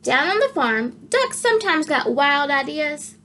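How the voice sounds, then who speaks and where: Animated woman reading a picture book. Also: high-pitched, unhurried. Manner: expressive, animated storytelling. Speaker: storybook reader. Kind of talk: children's picture book read-aloud.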